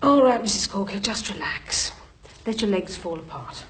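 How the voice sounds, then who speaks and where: An actress playing a calm, businesslike medical examiner who gives gentle instructions, in a TV soap drama. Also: female voice, medium pitch, moderate pace, noisy background, natural voice.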